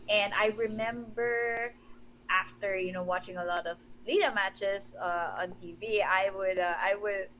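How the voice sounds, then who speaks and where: A woman's voice: medium pitch, fairly even intonation, a little slow, a bit bright, slight background noise, low-quality recording. Giggly young Filipina woman. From Philippines. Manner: enthusiastic, giggly, with frequent restarts and fillers. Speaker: wrestler and musician guest. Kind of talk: casual interview chat.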